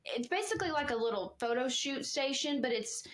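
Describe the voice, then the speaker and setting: A woman co-hosting a podcast in casual chat, telling stories in an animated, giggly way. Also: high voice, brisk. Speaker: podcast co-host.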